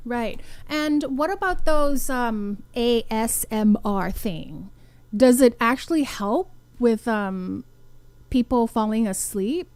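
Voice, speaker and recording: Woman radio dj, higher voice, slow and chatty, lots of um's, dry studio sound. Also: lively intonation, darkish tone, clear, resonant tone, no room sound. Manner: chatty, hesitant questions with fillers. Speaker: radio DJ host. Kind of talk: radio talk show interview.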